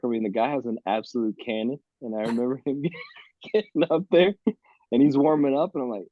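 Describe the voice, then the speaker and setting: A man in his thirties from Miami, a podcast guest telling lively, laughing stories about his college baseball days. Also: mid-range voice, a little fast, dry recording, lo-fi sound. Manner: lively, laughing anecdotes with quoted voices. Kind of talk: casual storytelling on a podcast.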